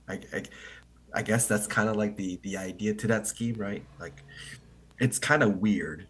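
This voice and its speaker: A man hosting an online English meeting, explaining poetry to learners in a halting, think-aloud way and often checking with "right?". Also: on the low side, a bit bright, breathy edge.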